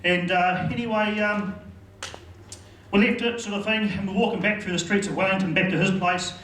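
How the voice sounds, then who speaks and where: A man's voice: high-pitched, steady tone, moderate pace, fairly bright tone, roomy sound, far from the mic, a little hiss or hum, poor audio. A man with a New Zealand accent doing rambling stand-up storytelling at a comedy club. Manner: rambling, lots of fillers and asides.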